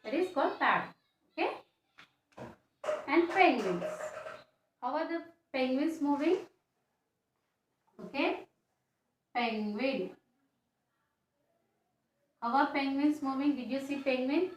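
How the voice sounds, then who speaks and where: Woman teacher, high voice, slow repetitive classroom delivery, echoey room. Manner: slow, repetitive explaining with question tags. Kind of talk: classroom science lesson. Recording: echoey room, faint background noise.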